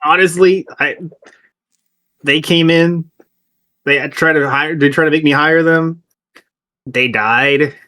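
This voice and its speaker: A man's voice: a little high, steady tone, takes it slowly, pauses often, bright, forceful tone. A man playing a tabletop game, rambling casually and laughing through his lines. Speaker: player.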